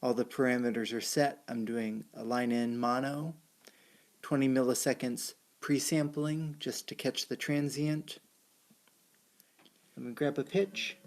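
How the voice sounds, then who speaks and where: A man's voice: medium pitch, steady tone, a little slow, no room sound. A man presenting at a tech talk, explaining a keyboard sampling demonstration step by step. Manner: explains step by step while working a keyboard and screen. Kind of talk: live technical demonstration.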